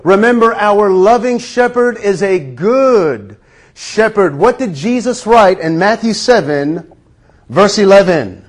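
A man preaches to a congregation with a notably high voice. He draws out scripture phrases slowly and builds to emphatic calls for agreement. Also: lively intonation. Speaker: pastor. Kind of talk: sermon.

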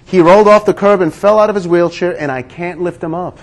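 A man voicing a young boy who is tearful and pleading softly, with a fairly high voice. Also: brisk. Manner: soft, pleading.

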